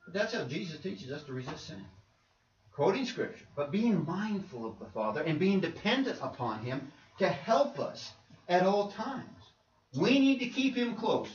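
Lively high-pitched preacher in a roomy church. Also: male voice, normal speed, slight background noise. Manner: conversational preaching with rhetorical questions. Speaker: pastor. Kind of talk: sermon. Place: church sanctuary. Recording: roomy, distant, dull church recording.

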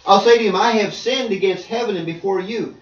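A man's voice: sits high, a little fast. A man preaching a sermon to a congregation. He reads scripture aloud and raises his voice to press his points. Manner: raises voice, reads scripture, acts out quoted people. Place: church hall. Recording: roomy, distant, dull church audio.

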